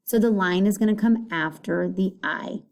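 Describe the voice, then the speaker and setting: A woman teacher delivers a recorded phonics lesson, patiently repeating each word clearly. Her voice is mid-range and her pace moderate.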